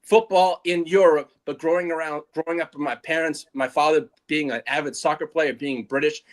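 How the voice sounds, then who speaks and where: A man's voice: on the high side, fairly even intonation, normal speed. A man co-hosting a watch party, rambling in casual chat. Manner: rambling, restarts a lot. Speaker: co-host.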